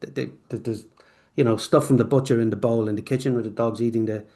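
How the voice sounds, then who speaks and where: This company founder, a man with a mid-range voice and a fast way of talking, answers an interview question with a sprawling story. He wanders between points, voices the quoted conversations with energy, and keeps restarting and adding side remarks.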